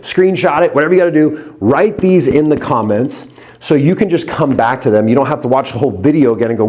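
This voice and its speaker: A man teaching hypnosis in a casual online tutorial, chatting straight to viewers and sinking into a soft, slow murmur on the key words. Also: medium pitch. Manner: chatty, addresses viewers directly.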